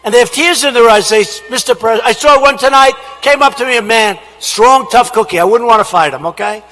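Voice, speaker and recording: Man, rally speech, shouted, emphatic repetition, tense bright tone, podium mic, large indoor hall. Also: extremely high pitch, a little fast. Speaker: politician at a rally.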